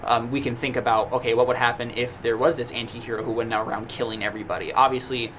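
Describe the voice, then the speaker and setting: A man's voice: medium pitch, steady tone, quick pace, fairly bright tone. A man co-hosting a casual podcast discussion, talking at length and thinking aloud with frequent restarts. He is in a small room with a noisy fan. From United States. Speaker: podcast co-host.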